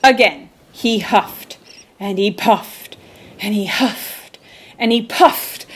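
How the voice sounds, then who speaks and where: A woman reading a children's storybook aloud with slow, emphatic, expressive delivery. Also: a little high, noisy background.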